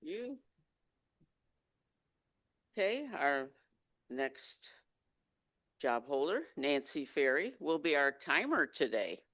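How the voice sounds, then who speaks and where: A woman's voice: deep voice, sing-song, slow, pauses often, a bit bright, no echo. A woman chairing a club meeting over a video call, hesitant with many fillers.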